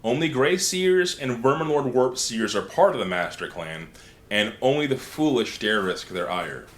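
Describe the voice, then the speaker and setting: A man hosts a casual podcast, recounting stories with lively energy and jumping into short character bits. His voice sits at a middle pitch. The recording carries a roomy echo. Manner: animated storytelling, acting out characters in quick asides. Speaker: podcast host. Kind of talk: casual lore discussion podcast.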